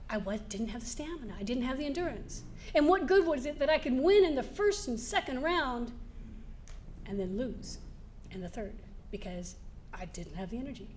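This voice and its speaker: A woman giving a keynote speech to a live audience, telling lively personal stories, laughing now and then and acting out the scenes. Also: sits high, a little hiss or hum. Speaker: motivational speaker. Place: event hall before a live audience.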